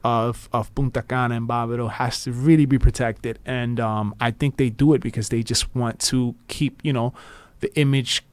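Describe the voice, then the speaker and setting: A man explains things in a measured way, stopping now and then on small fillers. His voice sits at a middle pitch and is recorded dry and close. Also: steady tone, smooth, dry recording.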